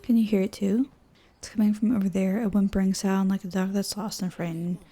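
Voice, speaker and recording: An eager, coaxing teenage girl rider from a horse game, read aloud by a woman. Her voice is husky and mellow, with a gravelly fry. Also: mid-range voice, flat delivery, a little fast.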